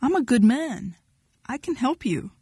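A woman's voice: high voice, big pitch swings, unhurried, mellow, breathy edge, no room sound, studio quality, voice pushed up, heavily acted. A woman voicing a sulky, whining husband. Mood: pleading. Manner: whiny, pouting, voice cracking. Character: sulky, pleading husband, man.

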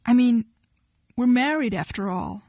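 A woman's voice: on the high side, expressive, a little slow, a little mellow, no echo. A pouting, whining husband who begs and scolds by turns, his voice prone to cracking, read by a woman. The sound is dry and close, with no room around it. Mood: pleading. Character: sulky, pleading husband, man.

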